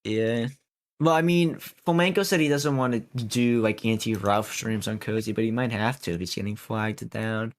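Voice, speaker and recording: A man's voice: lowish voice, fairly even intonation, moderate pace. Young man rambling in casual chat. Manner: rambling, filler-heavy and profane. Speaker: podcast co-host.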